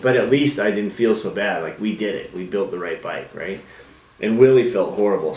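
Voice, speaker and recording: A man telling a lively story about his early days building custom bikes, acting out voices and engine noises in casual chat. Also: sits low, echoey room, recorded from a distance, rough recording.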